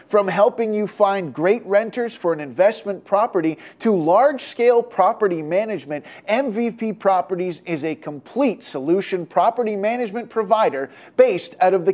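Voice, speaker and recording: A voice reading scripted sponsor ads in a brisk sales delivery. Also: mid-range voice, expressive, a little mellow. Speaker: sponsor ad reader. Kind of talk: scripted ad read.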